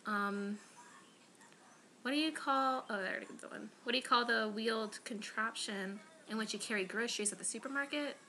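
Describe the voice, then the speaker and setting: A woman's voice: on the high side, brisk, bright, forceful tone, a little hiss or hum. A woman from Florida chatting casually to camera in a rambling, self-deprecating way, full of "um" and "like.". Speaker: vlogger.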